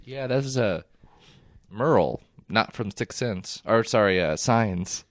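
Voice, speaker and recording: Podcast co-host, male, low lively voice, casual and giggly, dry close mic. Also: slow, no room sound. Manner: animated, laughs often, trailing sentences. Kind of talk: casual chat.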